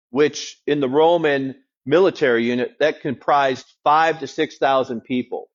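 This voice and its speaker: A man's voice: a little high, animated, unhurried. A man preaching a sermon as a pastor, in a conversational, wry teaching tone. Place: church. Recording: dull lo-fi sound.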